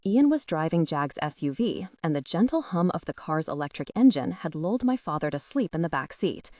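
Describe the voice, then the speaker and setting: A woman with a lowish voice narrates a first-person audiobook, her pitch rising and falling with feeling. The sound is close and very dry, with no room around it. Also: big pitch swings, a little fast, dark tone, no room sound.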